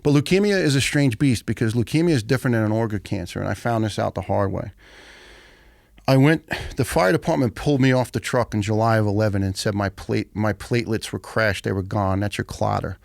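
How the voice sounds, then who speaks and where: A middle-aged retired firefighter, a podcast guest, tells his story bluntly and profanely, keeping it animated. His voice is gravelly and raspy, fairly low and fairly quick, recorded close and dry with no echo or room sound.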